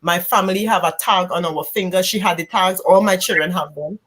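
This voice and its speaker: Woman telling her story on a church couch, halting, emotional, stops and restarts a lot. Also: lowish voice. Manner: halting, emotional, re-enacts quoted speech loudly. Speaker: guest. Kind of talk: candid personal testimony.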